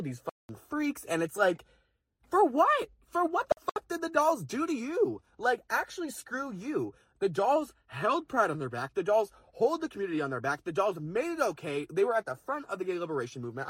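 A man's voice: high voice, a bit bright, husky, no room sound. A young man in a fired-up casual vlog rant, swearing and packing his talk with fillers. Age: young adult. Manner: fast, heated, swearing, lots of fillers. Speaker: vlogger. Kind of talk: impassioned casual rant to camera.

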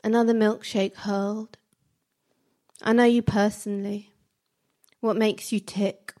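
A woman reciting spoken word poetry in slow, measured, fragmented phrases. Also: mid-range voice, level tone, warm tone.

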